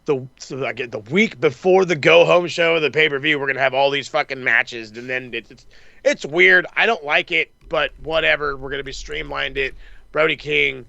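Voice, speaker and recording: A man with a fairly high, gravelly voice and a bright, forceful edge rattles through a casual recap chat. He swears constantly and slips into quick impressions of the people he quotes. The sound is dry and close. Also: no echo, dull audio. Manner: profane, excitable, acts out quotes. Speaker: wrestling podcast host.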